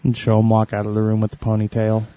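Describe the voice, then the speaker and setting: A man's voice: lowish voice, monotone, fast talker, dark tone. A man chatting casually with a friend, telling rambling stories in a laid-back way. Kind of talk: casual chat.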